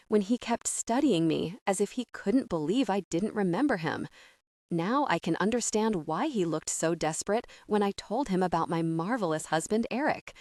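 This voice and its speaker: A woman reading a first-person romance audiobook in a soft, intimate, emotional way. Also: medium pitch, no room sound, clean studio sound. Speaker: audiobook narrator. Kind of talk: first-person scripted narration.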